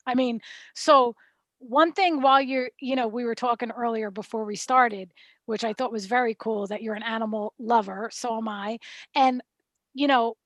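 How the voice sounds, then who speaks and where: A woman's voice: a little high, a bit bright, no room sound. A woman hosting an interview, asking questions in a friendly, encouraging way. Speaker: interview host. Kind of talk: casual interview chat.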